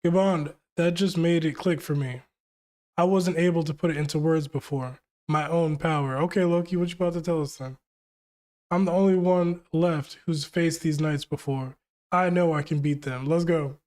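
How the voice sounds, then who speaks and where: Young man, high voice, excited slangy reaction host, reads then comments. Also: moderate pace. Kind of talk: live reaction, reading aloud with commentary.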